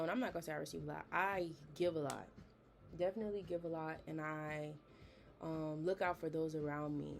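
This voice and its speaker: A woman's voice: sits low, vocal fry, a little hiss or hum. A young woman hosting a podcast, chatting in a casual, earnest and encouraging way, with frequent fillers. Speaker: podcast host. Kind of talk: casual motivational talk.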